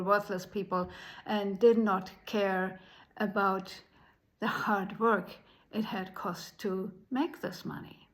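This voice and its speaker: A woman telling a folk tale in an unhurried way, pausing often. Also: medium pitch, fairly bright tone, low-quality recording. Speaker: storyteller.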